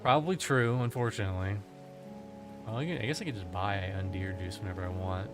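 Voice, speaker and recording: A man's voice: fairly low pitch, brisk, music in the background. A man streaming a video game, chatting casually and rambling with jokes and swearing. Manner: joking, profane, rambling. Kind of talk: casual gameplay commentary.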